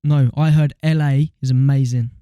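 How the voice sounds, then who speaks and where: A young man, co-hosting a casual podcast chat in quick, slangy banter. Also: medium pitch, fairly even intonation, mellow, smooth, no echo. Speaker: podcast co-host.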